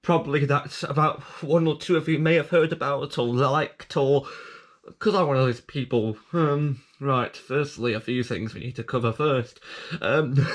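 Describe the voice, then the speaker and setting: A man's voice: mid-range voice, fairly even intonation, measured pace. A man getting over a cough, chatting casually in a vlog and rambling with lots of fillers and restarts. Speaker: vlogger. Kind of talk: casual unboxing chat.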